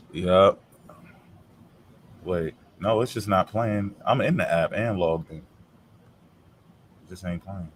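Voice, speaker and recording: A man's voice: sits low, animated, very slow, long pauses, bright, forceful tone, slight background noise. A man hosting a casual streamed chat, talking in a blunt, profane and heated way.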